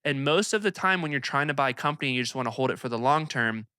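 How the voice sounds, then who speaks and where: A young man hosting an investing video, talking to camera in an energetic, emphatic, conversational way. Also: mid-range voice, rapid-fire, clear, resonant tone, dry recording, clean studio sound. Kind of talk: casual commentary to camera.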